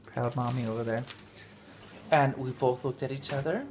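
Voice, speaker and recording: A man chatting through a casual family vlog. He rambles and often restarts mid-sentence. The recording carries a clear layer of background noise. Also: mid-range voice, normal speed, pauses often, darkish tone. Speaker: vlog host and father.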